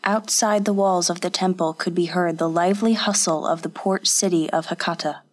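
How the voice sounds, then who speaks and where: A woman reading a story aloud in steady, measured narration. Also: on the low side. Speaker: audiobook narrator. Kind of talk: scripted narration.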